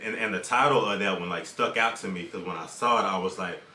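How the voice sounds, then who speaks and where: A man co-hosting a reaction video, thinking aloud in a halting way that repeats its words. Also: sits low, sharp tone. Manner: halting and repetitive, musing aloud. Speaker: reaction channel co-host. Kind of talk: casual reaction commentary. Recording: roomy echo, distant mic.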